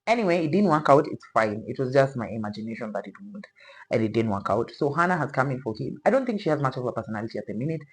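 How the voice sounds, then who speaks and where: A woman's voice: a bass voice, big pitch swings, rapid-fire, low-quality recording. A woman chatting casually as a reaction vlogger, rambling and playfully opinionated, with slang asides.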